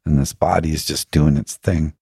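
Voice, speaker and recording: A man's voice: very deep voice, steady tone, normal speed, warm tone, husky, no room sound, clean studio sound. A middle-aged man telling his own story on a podcast, earnest and reflective, often laughing and acting out other voices. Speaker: podcast guest.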